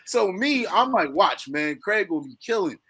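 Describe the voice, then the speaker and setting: A man's voice: sits high, very animated, a little slow, sharp tone. A man hosting a casual sports podcast, asking rambling questions as an eager fan. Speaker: podcast host.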